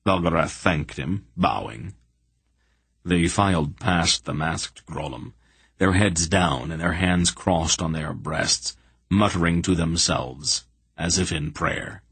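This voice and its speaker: A man narrating a fantasy audiobook in a measured, deliberate reading. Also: deep voice, a bit bright, breathy edge, no room sound. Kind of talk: scripted narration.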